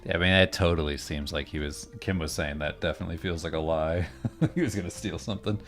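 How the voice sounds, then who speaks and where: A man's voice: deep voice, fast, fairly bright tone, faint music behind. A man co-hosting a casual chat, laughing often as he tells stories. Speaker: podcast co-host.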